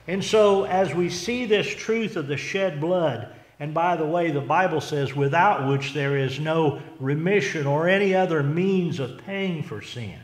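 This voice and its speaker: A man preaching a sermon as pastor, earnest and unhurried, often restarting and repeating words as he goes. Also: fairly high pitch. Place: church sanctuary. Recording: echoey church hall.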